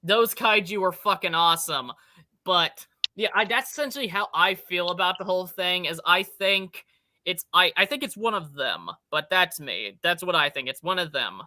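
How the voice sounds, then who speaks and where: Bright-voiced young man rambling excitedly. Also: high voice, normal speed, no echo. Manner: rambling, enthusiastic, swears casually. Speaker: podcast host. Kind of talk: casual chat.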